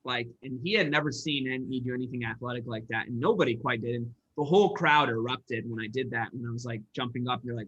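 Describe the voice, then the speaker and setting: A man's voice: mid-range voice, quick pace, few pauses, a bit bright, husky. A man from Michigan, a sales coach, telling a personal story in an earnest, rambling way with many restarts. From Michigan, USA. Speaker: guest, entrepreneur and sales coach. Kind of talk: personal storytelling in a podcast interview. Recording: dull lo-fi audio.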